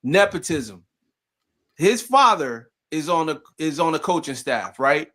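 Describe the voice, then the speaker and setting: A man with a notably high voice in a casual sports discussion. He talks emphatically, pressing his argument. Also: very animated, measured pace, bright, forceful tone.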